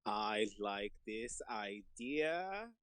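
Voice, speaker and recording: A man's voice: on the low side, sing-song, drawn-out words, fairly bright tone, smooth, no echo. A man playing a tabletop game, bantering in character with a playful, theatrical swagger. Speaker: player.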